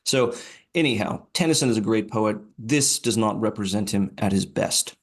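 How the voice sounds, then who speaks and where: A man's voice: fairly low pitch, moderate pace, breathy edge. A male podcast host giving informal poetry commentary, talking conversationally with frequent fillers and restarts.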